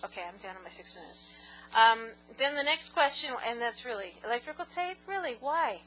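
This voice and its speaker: A woman's voice: on the high side, expressive, fairly quick, a bit bright, a little hiss or hum, rough recording. A woman vlogger answering viewer questions in a giggly, rambling, self-mocking casual chat.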